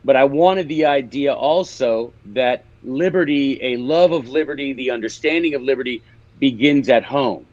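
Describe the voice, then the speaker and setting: A man's voice: mid-range voice, normal speed, darkish tone, no echo. Memphis guy chatting on a podcast, explains stuff like a teacher, kinda dull lo-fi dry sound. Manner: explaining and teaching, with laughs and restarts. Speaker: author and guest. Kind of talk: casual interview chat.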